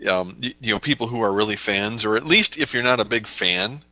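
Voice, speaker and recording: A man's voice: fairly low pitch, fairly quick, bright, forceful tone, no room sound. A young man co-hosting a podcast, chatting casually with a wry, joking manner. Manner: wry, joking, acts out quotes in funny voices. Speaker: podcast co-host. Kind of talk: casual chat.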